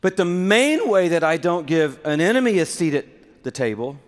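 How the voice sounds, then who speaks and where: A man's voice: fairly high pitch, very animated, moderate pace. Earnest male preacher in a reverberant hall. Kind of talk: sermon.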